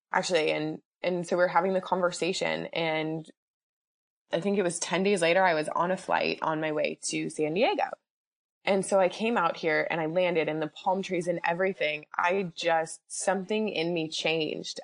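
A woman's voice: fairly low pitch, creaky. A woman guest on a podcast, chatting casually about her own life and acting out what people said. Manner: chatty, acts out quoted dialogue. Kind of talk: casual personal storytelling.

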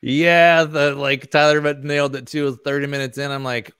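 A man's voice: fairly high pitch, little pitch movement, moderate pace, a bit bright, clean tone, dry recording. A man panelist in a casual film-review chat, laid-back and chuckling between remarks. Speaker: podcast panelist.

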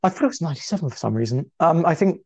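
A man's voice: fairly high pitch, expressive, rapid-fire, a little mellow. A man co-hosting a casual podcast chat, talking chattily and laughing often. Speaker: podcast co-host. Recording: dull lo-fi audio.

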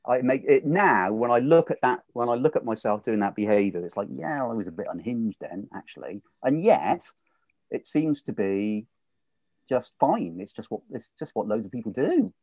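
A man in a casual podcast chat, animated and laughing often, acting out the voices he quotes. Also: mid-range voice, normal speed, dry recording. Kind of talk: casual conversation.

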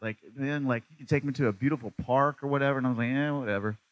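A man preaching a sermon. He swings between loud, emphatic lines and quiet, low stretches, repeating phrases for emphasis and asking the listener questions. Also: steady tone, rapid-fire, no echo.

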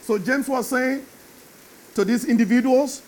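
A man preaching a sermon, animated and building to emphatic shouts. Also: very high voice, a little slow.

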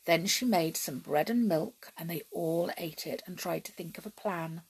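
A woman reading a children's story aloud slowly and expressively, often dropping to a hush. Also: on the low side, husky.

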